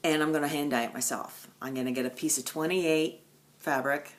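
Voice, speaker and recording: A woman with a notably low voice chats at home about her stitching projects. She tells her stories with animated swings, jumping from loud bursts to hushed, near-whispered asides. The talk is casual and chatty. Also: brisk. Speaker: stitching vlogger. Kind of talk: casual chat.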